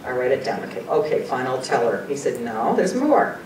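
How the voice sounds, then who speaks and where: A woman tells her personal story in an earnest, chatty way, sometimes moved almost to tears. She sounds far from the mic in a reverberant meeting room. A low rumble runs beneath her voice. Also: fairly even intonation, fast talker. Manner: earnest, conversational, often laughs and quotes people. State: emotional, choking up at times. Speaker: guest speaker sharing personal experiences.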